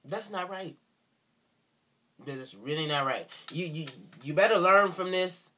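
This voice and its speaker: A man's voice: sits high, unhurried, pushed and bright. A man speaking in an indignant, sarcastic rant for a response video, repeating himself for emphasis. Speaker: video commentator.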